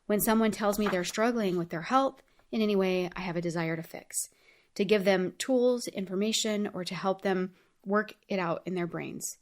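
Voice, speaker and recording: A woman with a mid-pitched voice reflects on her own life in a solo podcast monologue. She talks in an earnest, heartfelt, chatty way, dropping in frequent casual fillers. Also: normal speed. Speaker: podcast host.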